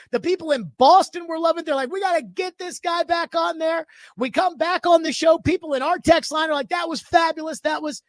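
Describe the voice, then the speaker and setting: A man hosting a sports radio talk show, ranting in an animated, emphatic and indignant way into a studio microphone. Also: very high voice, no echo.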